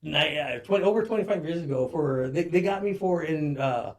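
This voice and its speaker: A man in his forties talks as a guest on a casual show, his voice sitting a bit higher than most men's. He rambles through a story with restarts, swearing freely and tossing in "dude" at every turn. His tone stays loose and conversational. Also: a little fast. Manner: rambling, profane, says "dude" constantly.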